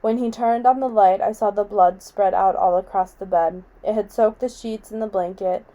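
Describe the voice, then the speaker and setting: A woman reading a novel aloud in a quiet, measured way. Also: mid-range voice, steady tone, rough recording. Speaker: audiobook reader.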